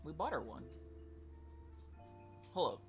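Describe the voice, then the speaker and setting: A woman's voice: deep voice, huge pitch swings, slow, darkish tone, faint music behind. A woman hosting a live stream from home, chatting casually and bantering with lots of giggles. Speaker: streamer and host. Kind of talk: casual chat while crocheting on a live stream. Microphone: desk microphone.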